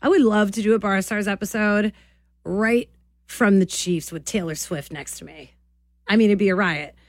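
A woman's voice: medium pitch, fairly even intonation, moderate pace, dry recording, studio quality. A woman from New Jersey hosting a radio morning show, brash and joking, with frequent laughter. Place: radio studio. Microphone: studio mic.

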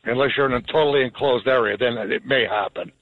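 A man's voice: medium pitch, quick pace. A man calling into a radio talk show, confident and matter-of-fact. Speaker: caller. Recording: tinny phone line.

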